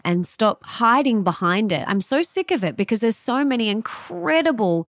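A woman's voice: on the high side, big pitch swings, normal speed, no echo, studio quality. A woman hosting a podcast interview, speaking with enthusiastic, emphatic energy. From Australia. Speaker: podcast host.

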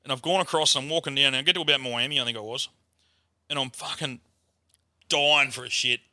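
A man's voice: mid-range voice, quick pace, no echo, clean studio sound. An Australian man, a comedian, telling a crude story in casual chat. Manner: crude, swearing, animated yarn-telling. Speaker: guest comedian.

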